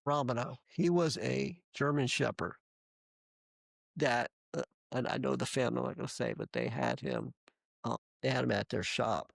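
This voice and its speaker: Gravelly husky guy telling old work stories, lots of restarts, dry close sound. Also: medium pitch, moderate pace, no echo. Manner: animated, laughing anecdotes with acted quotes; frequent restarts and fillers. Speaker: interview guest. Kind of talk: casual storytelling.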